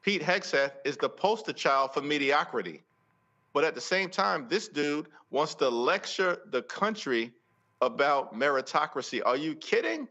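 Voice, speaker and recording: A man giving forceful political commentary on a talk show, stacking repeated phrases for emphasis. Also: on the high side, lively intonation, unhurried, lo-fi sound. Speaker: congressional leader interviewed as guest.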